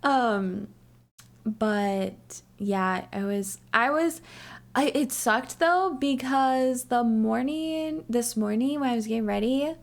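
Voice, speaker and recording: A young woman chats to her live viewers, her slightly high voice a bit strained from days of talking. She rambles and giggles, filling her sentences with "like". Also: takes it slowly, gravelly. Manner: chatty and rambling, heavy use of "like", giggly. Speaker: livestreamer. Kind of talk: casual chat to a live audience.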